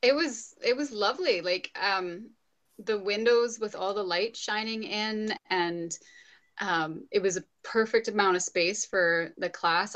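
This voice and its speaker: A young woman, a yoga teacher guest, talking casually and agreeably with many ums. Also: lowish voice. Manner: agreeable, soft-spoken, many ums and yeahs. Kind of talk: casual interview chat.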